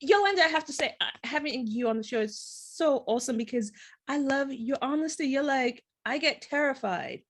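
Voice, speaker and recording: A woman's voice: sits high, a little fast. A woman hosting an interview show, talking casually with a guest and sharing her own stories in an encouraging, self-deprecating way. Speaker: show host.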